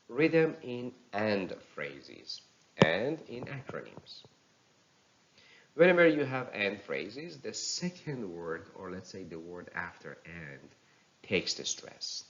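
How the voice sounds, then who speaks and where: A man teaching a recorded pronunciation lesson, explaining slowly and deliberately and acting out example lines with exaggerated intonation. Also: lowish voice, very animated, dull audio, a little hiss or hum.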